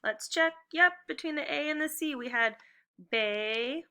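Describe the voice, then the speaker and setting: A woman teaching first graders a phonics lesson on video. She calls out slow, clearly enunciated drill prompts and gives encouraging, upbeat praise. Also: high voice, pushed and bright.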